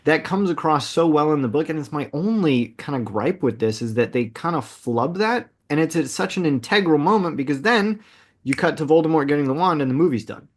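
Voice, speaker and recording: A man co-hosting a casual movie podcast, talking in an animated, emphatic way and often repeating words as he starts a sentence. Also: a little high, fairly quick. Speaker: podcast co-host.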